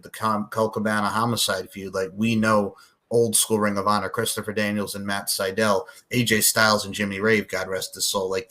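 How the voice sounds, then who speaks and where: Man hosting a podcast, animated, profane, low bright voice. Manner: animated, fan-like, profane, fast asides. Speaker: podcast host. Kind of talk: casual chat.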